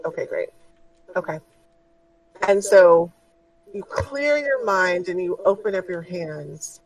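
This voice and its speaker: A woman's voice: lowish voice, animated, takes it slowly, distant mic, low-quality recording. A woman running a tabletop game as game master, narrating casually with lots of ums and likes. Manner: casual, with many fillers.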